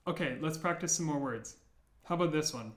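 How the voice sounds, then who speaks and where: A man teaching the sounds of an alphabet, repeating each one slowly and clearly, with playful memory tricks. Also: on the high side, roomy sound. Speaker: language teacher. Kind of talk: slow, deliberate pronunciation lesson.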